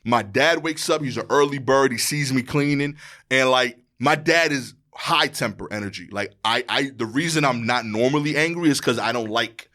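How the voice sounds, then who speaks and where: A man, a stand-up comedian telling a slangy story as a podcast guest, acting out the people in it. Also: moderate pace. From Brooklyn, New York. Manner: slangy, acts out quoted exchanges, voice drops low and quiet near the end. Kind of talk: animated storytelling in casual chat.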